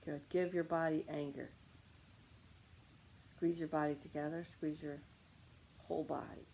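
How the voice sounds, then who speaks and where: A woman's voice: low voice, level tone, a little slow, vocal fry, a little mellow, slight background noise, poor audio. A woman leading a guided meditation on anger, coaching listeners with short repeated commands.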